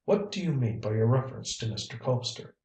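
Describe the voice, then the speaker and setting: A man reading a quietly firm young woman. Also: mid-range voice, lively intonation, fairly quick, natural voice. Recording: roomy, distant mic.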